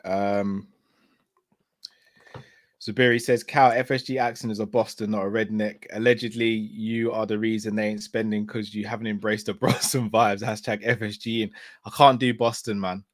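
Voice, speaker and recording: A man's voice: on the low side, flat delivery, normal speed, no echo. A man from England co-hosting a casual football chat online, reading out viewer comments and laughing easily. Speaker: podcast co-host.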